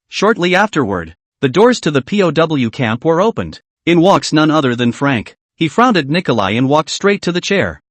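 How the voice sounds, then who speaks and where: Male recap narrator, animated delivery, slightly high voice, dry close sound. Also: no echo. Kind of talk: scripted story recap narration.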